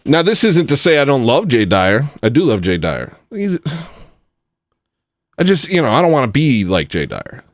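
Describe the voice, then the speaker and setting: A man hosting a casual livestream, ranting and swinging from low mumbles to loud outbursts. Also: huge pitch swings, moderate pace, no echo, clean studio sound. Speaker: livestream host.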